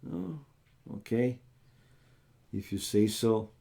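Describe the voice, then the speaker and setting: A man's voice: lowish voice, lively intonation, slow pace, vocal fry, warm tone. A young man, chatting casually with his viewers while casting a strategy game match, and calling them "man" as he talks. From Romania. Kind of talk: casual live-stream chat and match commentary.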